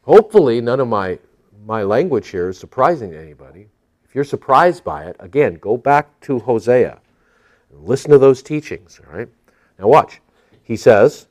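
A man with a medium-pitched, sing-song voice gives a conversational Bible teaching. He poses rhetorical questions to his listeners and reads scripture aloud more loudly and slowly.

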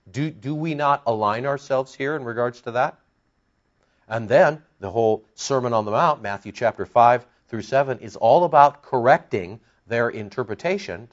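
Older male pastor, lively conversational sermon, muffled lo-fi recording. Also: mid-range voice. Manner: animated, conversational preaching with frequent restarts.

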